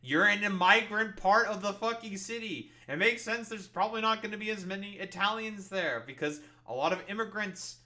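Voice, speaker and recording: A man's voice: sits high, normal speed, few pauses, bright, forceful tone. A man hosting a casual reaction show, mocking a video in a profane rant. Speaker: podcast host reacting to videos.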